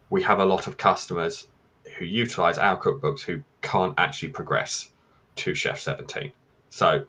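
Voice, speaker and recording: Deep husky-voiced man explaining calmly. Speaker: guest. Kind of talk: casual panel discussion.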